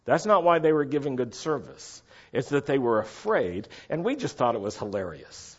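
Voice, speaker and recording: A middle-aged man telling a story in a chatty, animated way, often checking that his listeners follow. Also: mid-range voice, moderate pace, husky. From United States. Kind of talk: casual anecdotal storytelling. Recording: dull lo-fi recording.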